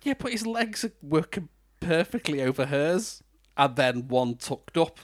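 A man's voice: on the high side, big pitch swings, a little slow, no room sound, clean studio sound. A British man hosting a podcast, chatting casually about a film and laughing often. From Britain. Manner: chatty, laughs often, breaks into mock voices. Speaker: podcast host. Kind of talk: casual film review chat.

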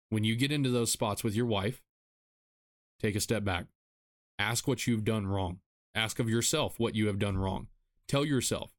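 Lower-voiced man hosting a solo podcast. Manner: earnest, repetitive, self-deprecating. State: tired after a rough week. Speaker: podcast host. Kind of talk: solo podcast advice monologue.

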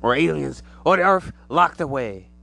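A man giving a rambling, animated conspiracy monologue to the camera, acting out imagined voices as he goes. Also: fairly high pitch, unhurried, creaky.

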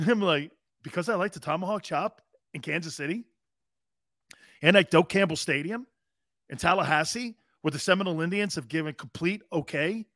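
A man's voice: fairly high pitch, moderate pace, a bit bright, dry recording, studio quality. A man hosting an opinionated sports talk radio show, brash, rambling and joking.

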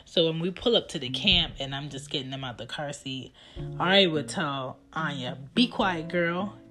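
A woman in her thirties casually telling stories about her children in an animated, chatty way. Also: deep voice, normal speed. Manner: animated, chatty, acts out her kids' lines. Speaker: mother telling family stories. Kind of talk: casual storytelling. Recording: guitar music playing behind the voice.

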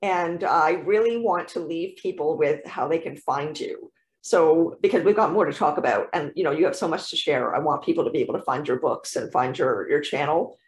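A woman's voice: low-pitched, normal speed. A woman hosting a podcast interview, effusive and encouraging as she praises her guest. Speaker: podcast host. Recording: echoey room.

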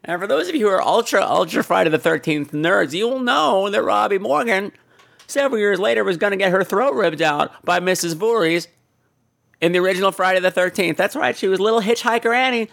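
A man with a somewhat high voice talks through old films in a casual, comedic podcast review. He is animated and campy, and he swears freely. His delivery swings between gossipy excitement and wry asides. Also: fairly quick, vocal fry. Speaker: podcast host.

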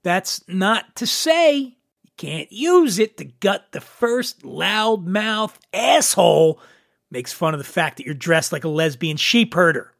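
Male podcast host, crude mock-macho comic bits, gravelly, bouncing pitch, dry close mic. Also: very animated, slow, a bit bright, no room sound. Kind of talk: comedic monologue.

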